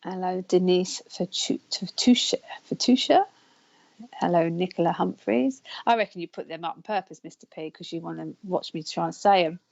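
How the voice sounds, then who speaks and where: A woman's voice: on the low side, steady tone, brisk, creaky, hardly any pauses, a little mellow, highs cut off. A woman hosting a live psychic counselling show, chatting casually, laughing often and stumbling over names. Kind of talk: casual live-stream chat.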